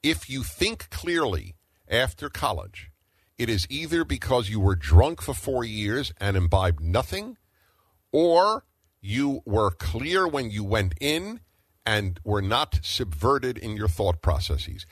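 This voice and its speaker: A man's voice: mid-range voice, big pitch swings, takes it slowly, breathy edge, no room sound. A middle-aged man hosting a talk radio show, arguing emphatically and firing off rhetorical questions.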